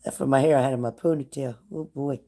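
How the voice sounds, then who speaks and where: Mellow-voiced man giving a live tarot reading. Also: mid-range voice, fairly even intonation, fast talker. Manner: casual, talks straight to a viewer, breaks off into chatty asides. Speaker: psychic tarot reader. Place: at home indoors by a glass sliding door.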